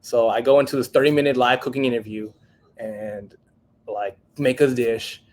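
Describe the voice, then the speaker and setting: A man's voice: mid-range voice, normal speed, a little hiss or hum. A man in his thirties, a chef guest on a podcast, telling a story casually and acting out the people he quotes. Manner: animated storyteller, acts out quoted voices.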